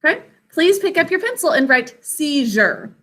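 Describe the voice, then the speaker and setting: A woman's voice: high-pitched, very animated, moderate pace, a bit bright. A woman teaching an online spelling lesson to children over a video call, patient and careful as she sounds out words.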